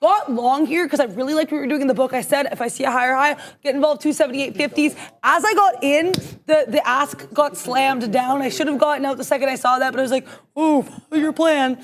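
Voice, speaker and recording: A woman co-hosting a live trading stream, talking through her trades out loud in an emphatic, excitable way. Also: high voice, quick pace, hardly any pauses. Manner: emphatic, excitable, talks to herself aloud. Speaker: day trader co-host.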